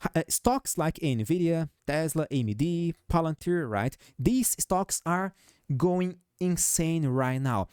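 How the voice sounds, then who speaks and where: A man's voice: on the high side, lively intonation, slow pace, a little mellow, clear, resonant tone, dry recording, studio quality. A man with a noticeable foreign accent who hosts a show on stock charts. He walks viewers through chart levels and keeps checking in with "okay?" and "guys". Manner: peppers talk with "okay?", "right?" and "guys". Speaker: stock market analyst host. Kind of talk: technical chart analysis commentary.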